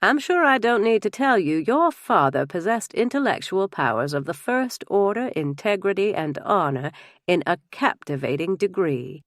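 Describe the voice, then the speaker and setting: A woman's voice: medium pitch, big pitch swings, moderate pace, no echo, natural voice. Aged male statesman, read by a woman, courteous, formal, dry close sound.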